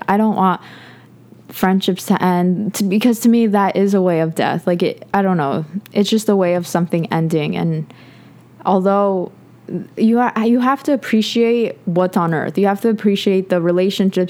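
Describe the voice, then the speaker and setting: Young woman podcasting solo, earnest and rambly, lots of "like", warm mellow tone. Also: mid-range voice. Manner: earnest, rambling, heavy on "like", gets emotional. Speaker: podcast host. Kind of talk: personal reflective monologue.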